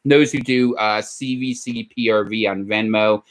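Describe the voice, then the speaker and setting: A man's voice: lowish voice, steady tone, measured pace. Tired, rambling man hosting a podcast. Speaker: podcast host. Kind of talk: casual solo podcast monologue.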